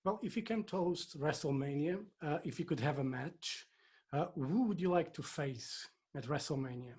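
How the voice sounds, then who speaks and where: A man's voice: fairly high pitch, moderate pace, a little mellow, breathy edge. A man interviewing an athlete, asking friendly, playful questions.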